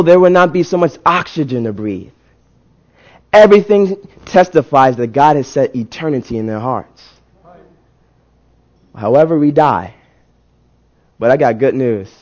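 Man, preacher, sermon, slightly high voice, repetitive build-ups, call-and-response. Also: highs cut off. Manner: rising to emphatic peaks, call-and-response with the congregation; repeats and restarts words, builds intensity.

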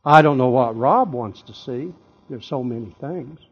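A man preaching a sermon with drama, moving from hushed, quiet lines to loud shouting. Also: medium pitch, a little slow, breathy edge, highs cut off.

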